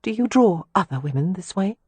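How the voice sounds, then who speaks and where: A woman's voice: fairly low pitch, lively intonation, a little fast, darkish tone, slightly rough, dry recording, voice pushed up. A woman voicing a timid, embarrassed young woman who speaks breathlessly and shyly. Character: timid flustered young woman, a prim companion.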